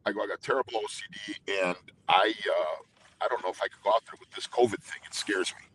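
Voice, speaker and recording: An intense middle-aged man tells long rambling stories, tripping over his words and starting over. His voice is bright and forceful. There is faint background noise. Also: lowish voice, quick pace, low-quality recording. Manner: intense, rambling storyteller with many restarts. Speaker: guest singer. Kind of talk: casual interview talk.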